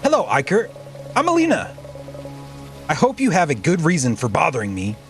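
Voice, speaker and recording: A man's voice: fairly high pitch, wildly swooping pitch, moderate pace, soft background music. A man voicing a haughty, impatient businesswoman in a game, with a cold, clipped manner.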